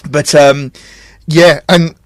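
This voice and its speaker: A man's voice: on the high side, no room sound. A Scottish man co-hosting a film podcast, chatting casually and bluntly with plenty of swearing. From Scotland. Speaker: podcast co-host. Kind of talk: casual chat.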